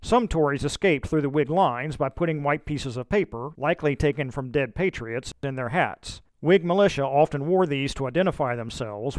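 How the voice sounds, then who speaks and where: A man narrating history from a script in a measured storytelling manner. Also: fairly high pitch, no room sound.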